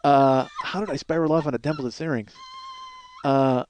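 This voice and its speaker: A man's voice: medium pitch, steady tone, moderate pace, darkish tone, soft background music. A middle-aged man hosting a solo podcast, telling rambling, crude, self-mocking stories. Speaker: podcast host.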